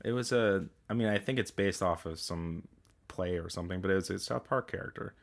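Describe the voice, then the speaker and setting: A man's voice: low-pitched, a little fast, gravelly. A man co-hosting a casual horror podcast, talking loosely with many "like" and "um" fillers. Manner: loose, hesitant, leans on "like" and "um". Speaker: podcast co-host.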